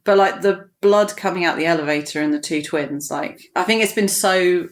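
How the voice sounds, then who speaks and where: A woman's voice: on the low side, normal speed. A woman guest chatting casually on a podcast as an enthusiastic film fan.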